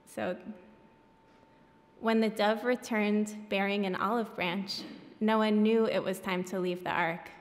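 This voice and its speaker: A woman's voice: medium pitch, steady tone, slow. Woman reading aloud with wry asides. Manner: wry, self-deprecating asides. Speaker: author reading her own graphic novel. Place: reading event in a hall. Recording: echoey hall.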